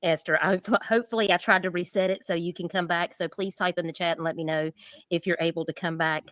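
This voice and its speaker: A woman's voice: lowish voice, steady tone, fast, a bit bright, no echo. A woman co-hosting a casual livestream, talking to viewers in the chat by name. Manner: chatty, addresses viewers by name. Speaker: livestream co-host.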